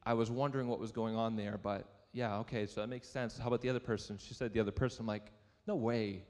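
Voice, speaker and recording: This young adult man preaches fast in a church sanctuary, his fairly low, slightly mellow voice keeping a fairly even intonation against big-room acoustics. A pastor, he weaves a personal, self-deprecating story into his sermon and asks the crowd questions.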